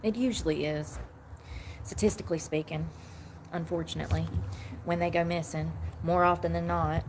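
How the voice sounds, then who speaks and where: A woman's voice: lowish voice, fairly even intonation, moderate pace. Female livestream host, conversational and meandering, speaking into a phone with light background noise. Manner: chatty, rambling, reads and answers comments. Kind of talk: casual livestream chat.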